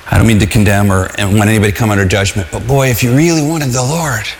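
A man's voice: on the low side, quick pace, a little hiss or hum. A man preaching a sermon, earnest, repeating phrases and asking the congregation to say lines back with him. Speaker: pastor. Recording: long hall reverb.

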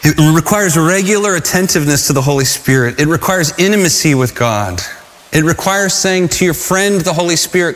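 A man preaching a sermon, telling stories with animated energy and asking the congregation rhetorical questions. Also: a little high, a little fast, big-room sound. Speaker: pastor.

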